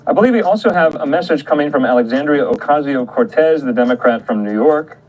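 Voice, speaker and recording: A man anchoring a live news broadcast, reading statements out in a measured way. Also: on the high side, expressive, a little mellow, rough recording. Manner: measured, reads out quotes.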